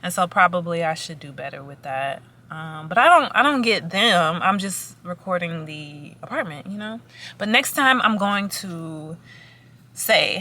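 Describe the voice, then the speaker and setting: Sitting in a parked car, a young female vlogger rambles through a chatty update, stumbling over fillers and restarts. Her fairly low voice is bright and forceful, with lively intonation and a moderate pace. The sound comes from a camera mic fitted with a foam windscreen.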